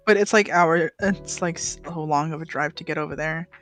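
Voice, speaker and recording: A woman's voice: deep voice, a little fast, a bit bright, faint music behind. A woman in casual livestream chat who reacts sympathetically and tells her own food stories. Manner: sympathetic reactions, chatty storytelling.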